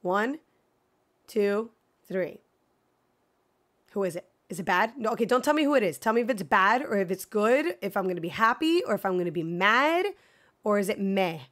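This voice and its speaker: A woman streaming a video game, chatting casually with viewers and swinging between excited gasps and mock dread. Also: mid-range voice, moderate pace, long pauses. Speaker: gaming streamer. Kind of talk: casual live gameplay chat.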